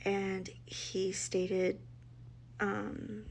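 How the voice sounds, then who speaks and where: A woman's voice: mid-range voice, level tone, very slow, vocal fry, darkish tone, slight background noise. A middle-aged woman, a mother, telling her family's story in a blunt, emotional way, acting out the dialogue as she goes. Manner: emotional, blunt, quotes others in dialogue, many restarts. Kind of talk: personal storytelling.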